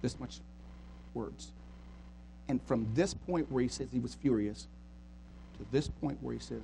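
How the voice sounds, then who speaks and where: A man preaching a sermon, swinging from quiet earnest talk to loud, fervent retelling of scripture. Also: medium pitch, a little slow, gravelly, pauses often, noisy background. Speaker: pastor.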